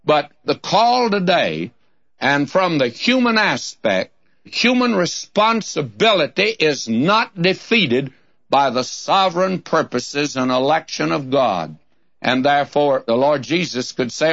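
A man's voice: a little high, expressive, unhurried, fairly bright tone. A man teaching the Bible on a taped radio program, reading scripture aloud in King James cadence and calling his listeners friend in a folksy way. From Southern California. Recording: dull lo-fi tape recording.

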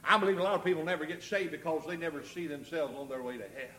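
A man preaching a revival sermon with a high, bright, cutting voice. He surges into shouted appeals and then drops down low and hushed, pleading with the congregation. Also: fast talker. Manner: impassioned, rising into shouts and dropping low.

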